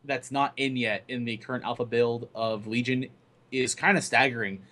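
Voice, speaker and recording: Young male podcast co-host, mid-pitched, matter-of-fact explainer with frequent word restarts. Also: moderate pace. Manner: steady, explanatory, restarts words often. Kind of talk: casual gaming news chat.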